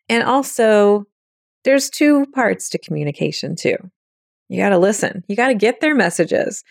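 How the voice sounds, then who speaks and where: A woman's voice: medium pitch, dry recording. Chatty woman, dry close sound. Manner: chatty, acts out quoted thoughts in little voices. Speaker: podcast host. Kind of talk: casual spiritual teaching talk.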